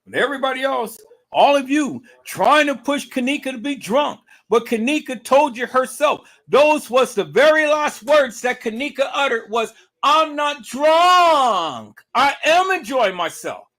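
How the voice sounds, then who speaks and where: A man's voice: extremely high pitch, normal speed, a bit bright. A man giving casual livestream commentary, emphatic and repetitive, asking rhetorical questions.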